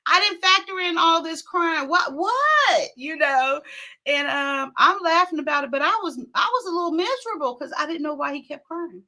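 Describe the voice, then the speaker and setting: A middle-aged woman host telling a story in a casual, animated way, laughing often and acting out what people said. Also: very high-pitched, normal speed. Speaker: talk show host.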